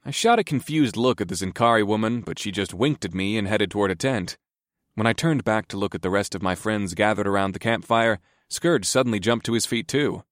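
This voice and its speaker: Low-voiced male audiobook narrator. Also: fairly quick, no echo, studio quality. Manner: steady, even storytelling. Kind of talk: first-person fantasy audiobook narration.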